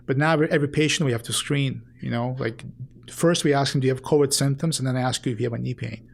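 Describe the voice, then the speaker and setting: A man who is a sports medicine doctor, appearing as a guest and speaking earnestly in a halting way with many fillers. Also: medium pitch, fairly even intonation, creaky. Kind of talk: casual interview chat.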